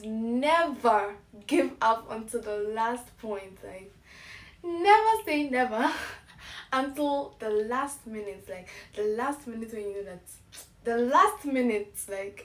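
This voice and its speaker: A young woman from Ghana tells a story to her camera in a casual, animated way, with frequent laughs. Her voice sits a little high. The sound is roomy, and she is some distance from the mic. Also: takes it slowly. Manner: animated, laughing, acts out emails in bright voices. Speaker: vlogger.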